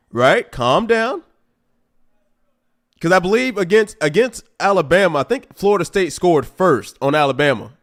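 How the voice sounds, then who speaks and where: Animated man talking over a football game. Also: fairly high pitch. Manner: animated, talks back at the game, rising to exasperated outbursts. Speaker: livestream host. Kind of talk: casual live football commentary.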